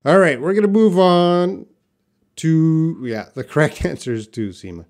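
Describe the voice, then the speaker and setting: A man's voice: fairly high pitch, lively intonation, measured pace, a little mellow. A man teaching a live online English pronunciation lesson, stretching out example words and chatting casually with viewers.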